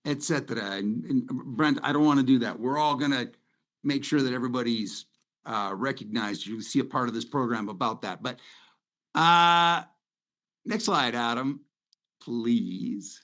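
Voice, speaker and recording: A man's voice: mid-range voice, unhurried, a bit bright. A middle-aged man hosting a webinar over slides from his home office on a video call, talking in a loose, sentimental, rambling way. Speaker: webinar host. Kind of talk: casual presentation over slides.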